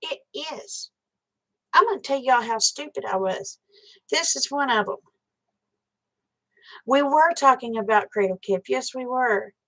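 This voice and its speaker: A woman's voice: high voice, animated, measured pace, long pauses, fairly bright tone, low-quality recording. A woman, hosting a live stream and telling a story in a frank, chatty way, swearing casually and talking straight to her viewers.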